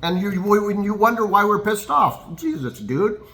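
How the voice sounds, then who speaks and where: A man co-hosting a casual political chat, speaking in a measured way with fillers and turning sarcastic. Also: high-pitched, expressive, sharp tone. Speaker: podcast co-host.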